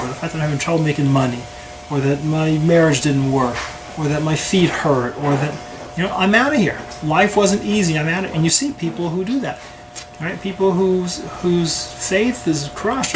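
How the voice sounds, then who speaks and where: A man's voice: on the high side, a little fast. A man teaching a conversational Torah class who keeps checking in with his listeners by asking "right?". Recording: steady background noise.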